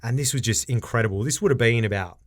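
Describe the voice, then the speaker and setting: Laughing man acting out memes. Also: quick pace. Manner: animated storyteller, laughs often, acts out quotes in a higher voice. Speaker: podcast co-host. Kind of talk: casual podcast chat.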